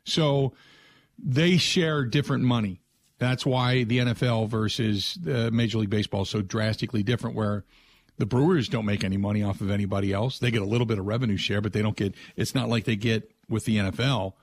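A man's voice: on the low side, brisk, no room sound. A man hosting a sports talk radio show, chatting casually and ranting in exasperation. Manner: exasperated, ranting, animated storytelling.

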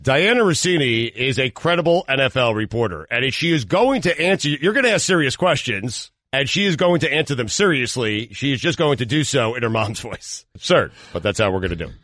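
Brief: male sports radio host, fast and animated, teasing, dry studio. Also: mid-range voice, no room sound. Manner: playful, joking, laughs often.

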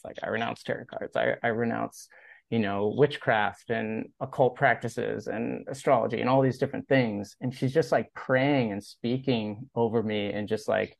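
A pro skateboarder, guesting on a podcast interview, tells a personal story casually and ramblingly. He leans heavily on "like" and acts out quoted dialogue, speaking in a fairly low voice with vocal fry and no echo.

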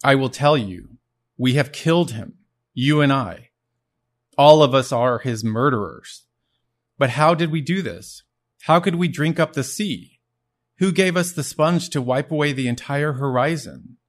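A man's voice: mid-range voice, a little slow, natural voice. A man voicing a frantic male madman preaching in a marketplace, reading the passage aloud with rising intensity. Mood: impassioned.

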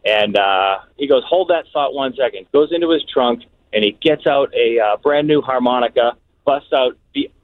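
A man calls in over a thin, phone-like line. He tells his story with lively energy and laughs along the way. The sound is dry and close. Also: mid-range voice, moderate pace, dry recording. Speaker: caller.

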